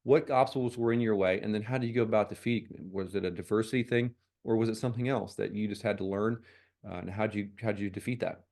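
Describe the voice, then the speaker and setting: A man's voice: on the low side, steady tone, quick pace, creaky, darkish tone. A man hosting an interview podcast, asking long questions and restating what his guest has said. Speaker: podcast host.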